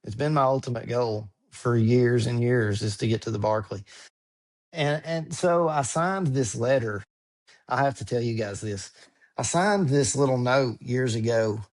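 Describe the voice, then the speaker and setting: A man of middling pitch talks in a casual interview, earnest and a little halting. He repeats words and restarts as he gropes for the right phrasing. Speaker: podcast guest, ultrarunner.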